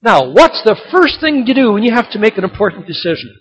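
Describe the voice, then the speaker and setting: A middle-aged man preaching a sermon, animated and rising to emphatic points. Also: sits high, fast, breathy edge. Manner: animated, rising to emphatic shouts on key lines. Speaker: pastor. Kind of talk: sermon with told jokes. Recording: dull lo-fi sermon recording.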